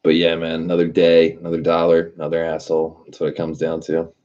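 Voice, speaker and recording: A man's voice: rumbling low, monotone, fast, a little mellow, dull audio. A man hosting a casual livestream, telling a rambling, profane work story and laughing at himself. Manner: profane, rambling storyteller who laughs at his own stories. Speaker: livestream host.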